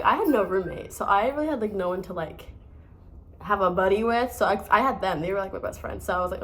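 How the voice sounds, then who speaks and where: A woman's voice: mid-range voice, quick pace, a bit bright, a little hiss or hum. A young woman from the United States in her twenties, casually telling stories to the camera with lots of fillers and restarts. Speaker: vlogger.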